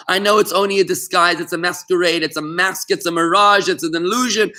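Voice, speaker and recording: A man's voice: high-pitched, fairly quick, few pauses, sharp tone. A man teaching a Torah lesson to students in an online class, speaking with passion and emphasis, often calling on students by name.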